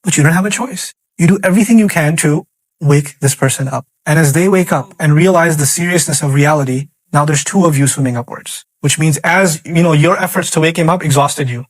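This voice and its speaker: Man, Islamic lecture, rapid delivery, animated storyteller, dry close sound. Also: a little high, dry recording. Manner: animated storytelling, acting out scenarios; recites Quranic Arabic. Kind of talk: religious lecture.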